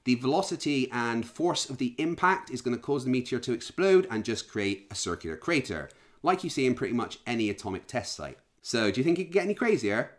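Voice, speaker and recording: A man's voice: medium pitch, sing-song, brisk, hardly any pauses. A man hosting a commentary video, mocking and sarcastic. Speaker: host.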